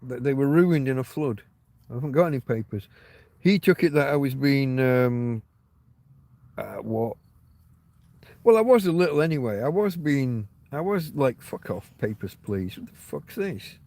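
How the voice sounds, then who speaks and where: A man's voice: mid-range voice, animated, moderate pace, pauses often, darkish tone, dry recording. Guy rambling on a livestream, swears a lot, wry, mid voice, dry close sound. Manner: rambling, profane, wry storytelling. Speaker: livestream host. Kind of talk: casual livestream chat. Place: outdoors on private land.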